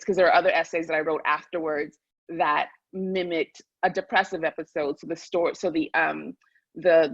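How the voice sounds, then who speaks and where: Woman author reading slowly. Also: low voice, no echo, muffled recording. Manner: measured, deliberate reading with a slowed pace. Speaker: author and guest. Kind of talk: conversation and reading from her own memoir.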